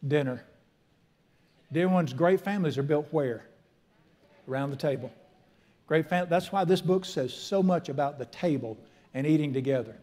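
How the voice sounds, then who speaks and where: A man's voice: a little high, mellow. A middle-aged man, preaching a folksy, emphatic sermon as a pastor in a church. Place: church sanctuary.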